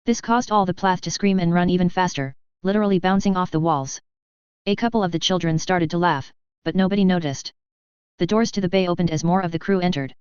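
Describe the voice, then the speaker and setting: A woman narrating a science fiction story in a steady, even reading. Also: on the low side, fairly quick, clear, resonant tone, no echo. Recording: slightly dull close recording.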